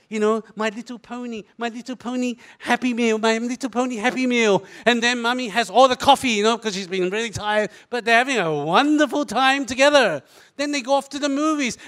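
Singaporean guy doing comic storytelling, super high bright voice, animated. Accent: Singaporean English. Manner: animated, switches into character voices. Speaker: comedic storyteller.

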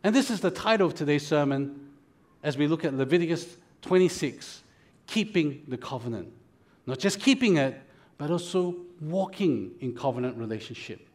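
A man with a high voice delivers a sermon as the pastor. His preaching is dynamic, with loud, rising warnings and quiet, slowed phrases in between. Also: animated.

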